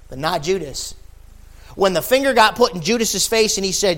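A male preacher with a notably high voice delivers a sermon. His delivery builds from calm asides to fervent, loud emphasis. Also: brisk. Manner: impassioned, swinging from quiet asides to shouted emphasis.

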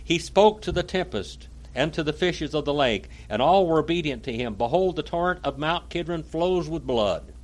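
A man's voice: a little high, lively intonation, normal speed, few pauses. A man preaching, reading a long text aloud with dramatic emphasis and stopping to explain it, sometimes tripping over hard words.

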